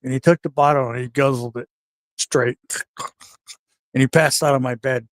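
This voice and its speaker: An older man telling backstage stories in a casual, animated way, acting out the voices of the people in them. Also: medium pitch, normal speed, no room sound, clean studio sound. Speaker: guest wrestler telling stories. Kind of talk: casual storytelling.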